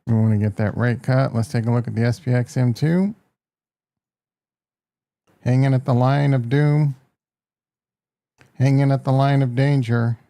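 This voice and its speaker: Brash Midwestern man, mellow voice. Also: medium pitch, steady tone, measured pace, pauses often. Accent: Midwestern American. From American Midwest. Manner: brash, joking, talks to chat. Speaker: market livestream host. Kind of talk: casual live market commentary.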